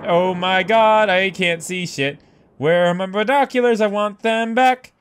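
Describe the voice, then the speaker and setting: A man doing let's play commentary, loud and profane, yelping and laughing as he plays. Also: high-pitched, a little slow. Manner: loud, profane, yelps and laughs while playing. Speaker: gaming YouTuber. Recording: faint background noise.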